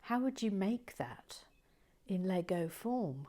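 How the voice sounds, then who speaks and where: A woman hosts a brick-building stream, chatting in a casual, playful way and reading viewer comments aloud. Her mid-range voice is warm, animated, and slow, and she drops to murmurs when she concentrates.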